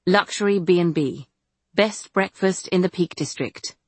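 A woman narrating an audiobook in a measured, even storytelling manner. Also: lowish voice, no echo. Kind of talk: scripted narration.

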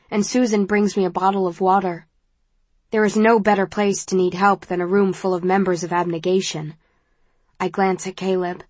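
A woman narrating an audiobook in the first person, measured and intimate. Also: medium pitch, a little mellow, dry recording.

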